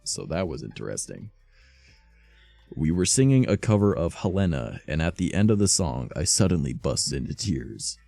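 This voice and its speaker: A man streaming while reading fan fiction aloud, adding profane, deadpan asides in a slightly sore voice. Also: rumbling low, moderate pace, gravelly, no echo, soft background music.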